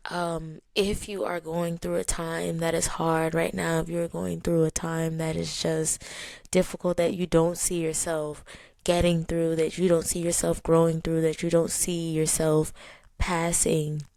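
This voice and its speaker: A woman's voice: sits low, level tone, measured pace, vocal fry, a little mellow, dry recording. A woman in her early thirties hosting a reflective solo podcast, speaking emotionally and close to tears, often repeating her words. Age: 30s. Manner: emotional, tearful at moments, grateful, repeats phrases. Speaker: podcast host.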